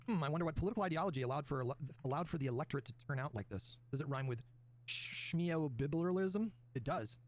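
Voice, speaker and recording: A man's voice: mid-range voice, racing, hardly any pauses, a little hiss or hum. A male commentator in a played clip, mocking his opponents with sarcastic, theatrical outbursts.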